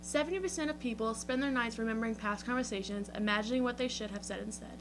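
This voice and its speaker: A chatty young woman co-hosting a student show, a little higher-pitched than most women. She reads out facts and banters in casual chat, with a steady hum clearly heard behind her. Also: fast talker. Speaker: student TV co-host.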